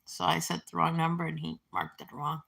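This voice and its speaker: A woman's voice: low-pitched, flat delivery, a little fast, creaky, a bit bright, breathy edge. A woman in her forties talking to camera in a casual, meandering way, reminiscing with many fillers and restarts. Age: 40s. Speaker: vlogger. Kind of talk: casual rambling monologue.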